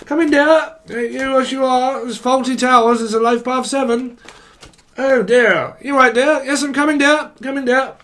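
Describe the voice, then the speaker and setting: Fussy old lady, shrill and sing-song, played by a man in falsetto. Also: normal speed, fairly bright tone.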